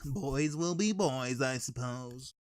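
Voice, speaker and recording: A man voicing a tired aunt who answers slowly and resignedly, in an animated story. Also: medium pitch, dry recording, clean studio sound. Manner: slow, drawling, resigned. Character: weary aunt, slow and resigned.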